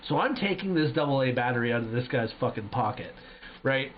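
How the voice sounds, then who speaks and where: A man streaming live, telling a gaming story in casual chat with animated, profane energy. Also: medium pitch, a little fast, a little hiss or hum. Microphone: headset. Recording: dull lo-fi stream audio.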